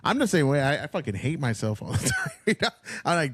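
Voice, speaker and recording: A man's voice: fairly high pitch, huge pitch swings, fast, fairly bright tone, husky, dry recording. Profane, encouraging man hosting a podcast. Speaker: podcast host. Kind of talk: casual podcast chat.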